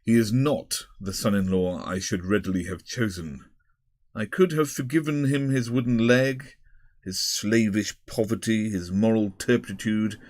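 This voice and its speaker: A fussy, pompous elderly headmaster, played by a man reading aloud, winds through long formal sentences with small stumbles. The voice sits fairly low and is recorded close and dry, with no room around it. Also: a little mellow, no room sound, natural voice. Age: older. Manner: long-winded, pompous, with hesitations.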